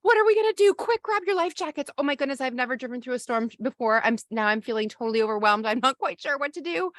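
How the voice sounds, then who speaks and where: A woman's voice: high voice, animated, fast talker, dry recording, clean studio sound, voice pushed up. A woman doing a frantic, panicking ship captain. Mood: panicked. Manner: frantic, flustered.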